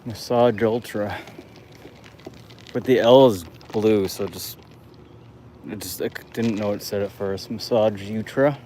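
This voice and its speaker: A dark-toned, lowish male voice from the United States moves at a moderate pace, with a bit of hiss or hum. During his casual walking livestream on city streets at night, he rambles, laughs frequently and swears a lot.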